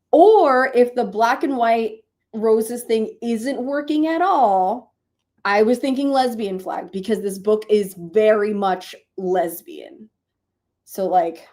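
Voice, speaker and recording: Woman streamer, casual and chatty, a bit sleepy, laughs easily while brainstorming with chat. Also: mid-range voice. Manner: chatty, laughs often, thinks aloud. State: sleepy, yawning. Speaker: streamer hosting reading sprints.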